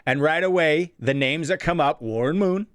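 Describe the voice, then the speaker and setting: A Canadian man co-hosting a sports radio show, telling stories in a casual and animated way and acting out the people he quotes. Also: fairly high pitch, moderate pace, smooth, no echo, studio quality. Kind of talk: casual chat, storytelling.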